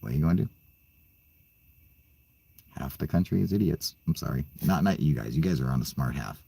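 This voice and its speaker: Low, husky, profane man ranting. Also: animated, brisk, dark tone. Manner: profane, rambling, stammering, laughing often. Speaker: channel host. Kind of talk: ranting casual monologue.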